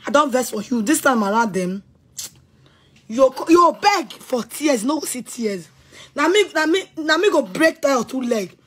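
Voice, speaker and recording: Nigerian woman, high voice, furious repetitive rant, faint background noise. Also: expressive, unhurried. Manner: heated, threatening, repeats herself. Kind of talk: angry rant to camera.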